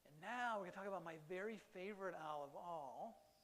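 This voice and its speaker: A man's voice: high-pitched, expressive, fairly quick, very noisy. A man giving a chatty, enthusiastic lecture on birds to a live audience in a hall, often restarting his sentences. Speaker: birding lecturer.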